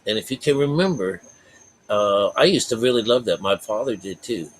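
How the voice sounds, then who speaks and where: Rambling folksy man, low voice. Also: animated, normal speed, slight background noise, poor audio. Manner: rambling, folksy, many fillers. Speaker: spiritual vlogger. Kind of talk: casual spiritual talk.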